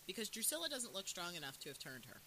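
A co-host in a casual chat, retelling scenes in a lively way and quoting characters. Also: medium pitch, quick pace, poor audio. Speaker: podcast co-host. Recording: faint hiss in background.

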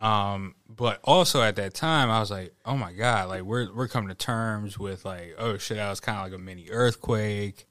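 A man's voice: on the low side, normal speed, hardly any pauses, a bit bright, no echo. A man in casual podcast chat, telling a work story with lots of swearing, laughter and acted-out quotes. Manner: profane, laughing storyteller who acts out quotes. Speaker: podcast guest.

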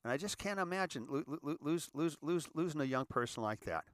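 A middle-aged man hosting his own show, giving a heartfelt monologue that stumbles and repeats words, then grows animated. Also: a little high, brisk, no echo, studio quality. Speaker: podcast host.

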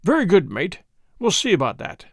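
A man's voice: high-pitched, wildly swooping pitch, normal speed, no echo, clean studio sound, exaggerated voice. A man voicing a half-drunk, insolent male seaman who blackmails his master, with thick, sulky speech. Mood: sneering. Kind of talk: audiobook character voice.

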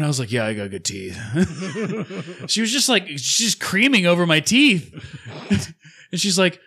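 A man's voice: high-pitched, very animated, unhurried, pauses often, sharp tone, husky. A man in his thirties co-hosting a podcast, telling a rambling, profane story in casual chat and acting out what other people said. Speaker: podcast co-host.

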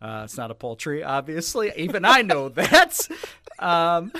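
A man co-hosting a casual sports podcast, wry and deadpan with bursts of laughter. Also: a little high, unhurried, no echo. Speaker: podcast co-host.

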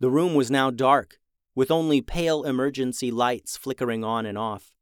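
A man narrating a children's adventure story in an animated, dramatic way. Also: medium pitch, moderate pace, clear, resonant tone, dry recording, studio quality. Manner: animated, dramatic rises in tension.

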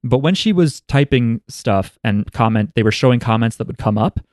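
A man co-hosting a casual podcast chat, talking in animated bursts full of "like". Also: medium pitch, normal speed, dry recording, clean studio sound. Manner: animated, talks in bursts with many "like"s. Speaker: podcast co-host. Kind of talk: casual chat about an anime.

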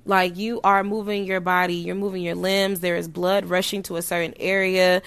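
A woman vlogging to camera in a casual chat, frank and playful with slang and swearing, her loudness jumping up and down as she talks. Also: lowish voice, moderate pace, clear, resonant tone. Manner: animated, sudden jumps in loudness. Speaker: vlogger giving sex advice.

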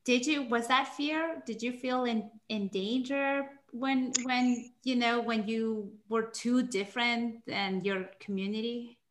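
A woman's voice: on the high side, steady tone, slow pace, hardly any pauses, fairly bright tone. A woman interviewer who asks encouraging questions, with small hesitations. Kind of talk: interview conversation.

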